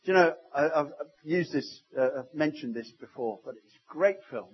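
A high-pitched, husky male pastor preaches to his church, telling stories that rise loud and drop to a near hush. The recording is dull and lo-fi. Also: expressive, moderate pace. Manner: storytelling preacher, swinging from loud to hushed. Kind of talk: sermon. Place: church service.

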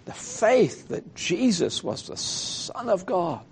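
A man's voice: high-pitched, very animated, slow, gravelly, husky. A man preaching a sermon in a reflective way, thinking aloud and asking rhetorical questions.

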